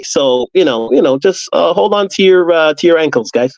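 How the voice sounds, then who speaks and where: A man's voice: fairly high pitch, expressive, normal speed, few pauses, darkish tone, no room sound, lo-fi sound. A man on a football podcast panel, talking in an emphatic, fired-up way and often repeating words. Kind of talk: casual chat.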